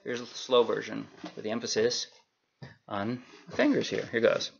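A man teaching a ukulele strum in a relaxed, chatty way and counting the beats aloud. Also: medium pitch, moderate pace, vocal fry, slight background noise. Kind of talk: casual music lesson. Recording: dull lo-fi sound with loud ukulele. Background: ukulele playing.

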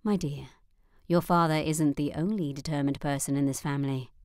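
Give me a woman playing a determined middle-aged mother, low, calm and gentle. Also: moderate pace, no echo, clean studio sound, close to an everyday voice. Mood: reassuring. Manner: calm, soothing, firm.

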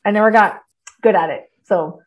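A middle-aged woman from Texas, a writer on a podcast, talking in casual interview chat, animated, swearing freely and laughing often. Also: medium pitch, normal speed, muffled recording.

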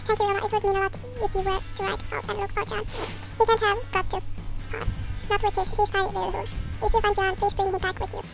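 A woman doing an anxious, squeaky shepherd. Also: flat delivery, fast talker, gravelly, few pauses. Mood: worried. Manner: reads game dialogue aloud in a squeaky voice. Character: anxious shepherd missing a lamb. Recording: game music underneath.

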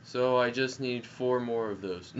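Young gamer guy, unhurried talk that jumps into yelps, dull headset mic with faint hiss. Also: mid-range voice. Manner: excitable, jokey, yells at the game. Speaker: gameplay commentator. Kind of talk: casual gameplay commentary. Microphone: gaming headset.

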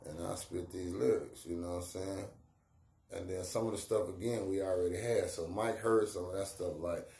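A man's voice: deep voice, fairly even intonation, normal speed, creaky, warm tone. A middle-aged man, a rapper, telling stories about his career in casual street slang, acting out the voices of the people he quotes. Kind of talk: casual storytelling. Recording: echoey room with faint ambient noise.

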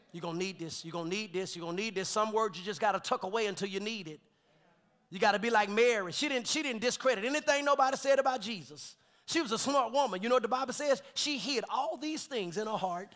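A pastor preaching in a church, his voice sitting unusually high for a man with a bright, forceful edge. He jokes in a folksy way, then swells into shouted, drawn-out scripture and calls to his congregation. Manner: preaching with call-and-response, rising to shouts; folksy, joking asides with laughter. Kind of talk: sermon. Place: church sanctuary.

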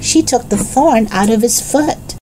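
An eager little boy with a high, lively voice begs and pipes up, as a woman reads him aloud. He swoops up and down in pitch, full of excitement, as a storybook character. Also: a little slow, a little hiss or hum. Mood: eager pleading. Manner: eager, pleading. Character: small eager boy Benny.

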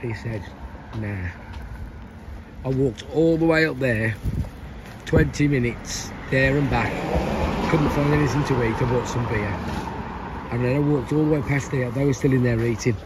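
A man's voice: medium pitch, moderate pace, long pauses. A man rambling chattily through a walking travel vlog, filmed outdoors at night on a handheld camera. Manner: rambling, chatty storytelling with many restarts. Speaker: travel vlogger. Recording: noisy outdoor street recording. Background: street noise and barking dogs.

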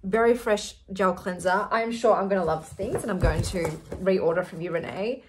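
A woman's voice: medium pitch, moderate pace, noisy background. A woman in her forties with an Australian accent, chatting to camera in an effusive, giggly way. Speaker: vlogger. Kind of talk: casual chat to camera.

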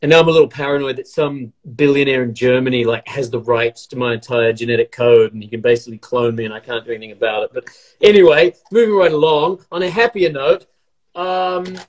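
A man's voice: medium pitch, steady tone, brisk. Joking man chatting while baking. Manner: jokey, rambling, self-mocking. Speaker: actor baking along. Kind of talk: casual chat.

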